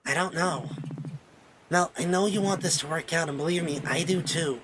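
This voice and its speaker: A woman voicing a protective young woman who speaks gently and with worry. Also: on the low side, normal speed, background noise, natural voice. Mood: worried. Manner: gentle, worried, soft.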